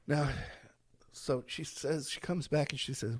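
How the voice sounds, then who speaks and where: A man with a hoarse, worn-out voice telling a story and giving advice as a podcast guest, acting out the voices he quotes. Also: fairly high pitch, a little slow, dry recording. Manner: animated, acts out quoted voices. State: hoarse, losing his voice.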